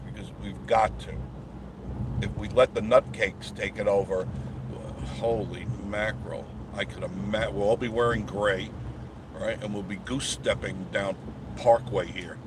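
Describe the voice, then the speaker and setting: A man's voice: fairly low pitch, fairly even intonation, measured pace. Folksy man chatting live from his car. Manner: rambling, folksy, chatting with viewers. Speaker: channel host. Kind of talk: live-streamed driving chat. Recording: live stream with noisy car background. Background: car and road noise.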